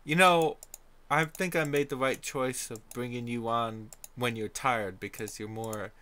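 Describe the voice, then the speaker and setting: A man's voice: medium pitch, fairly even intonation, measured pace, pushed and bright, slight background noise. A man hosting a livestream chat, teasing his guest and often hesitating. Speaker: stream host.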